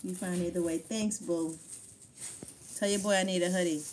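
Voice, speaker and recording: A woman's voice: lowish voice, fairly even intonation, moderate pace, a little mellow, distant mic, slight background noise. A woman battle rapper answering viewer questions in a casual live chat, blunt and swearing freely, often laughing.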